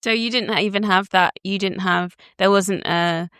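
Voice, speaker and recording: A woman co-hosting a podcast, speaking in a thoughtful, measured way. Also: medium pitch, fairly even intonation, a bit bright, clear, resonant tone, no room sound, clean studio sound. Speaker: podcast co-host. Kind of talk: casual chat.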